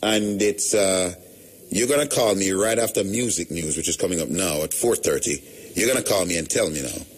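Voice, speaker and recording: A man's voice: low-pitched, moderate pace, husky. A middle-aged Jamaican man hosting a radio show, chatting in a loose storytelling way with plenty of patois. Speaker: radio host. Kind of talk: casual radio talk.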